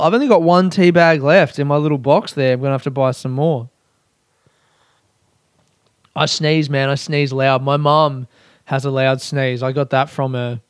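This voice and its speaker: A man's voice: mid-range voice, steady tone, normal speed, long pauses, clear, resonant tone, no room sound, clean studio sound. A man hosting a solo podcast, chatting casually and joking at his own expense, often laughing. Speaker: podcast host.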